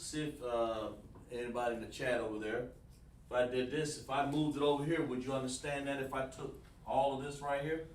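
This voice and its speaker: A man teaching a livestreamed language lesson, explaining slowly and repeating himself while talking to the chat. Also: medium pitch. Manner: slow, repetitive explaining, addresses the chat. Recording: roomy, mic at a distance, faint noise.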